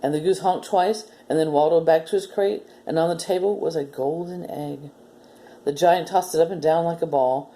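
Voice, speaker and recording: A woman hosting a children's story time, reading a story aloud and gently explaining a simple demo step by step. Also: deep voice, fairly even intonation, moderate pace.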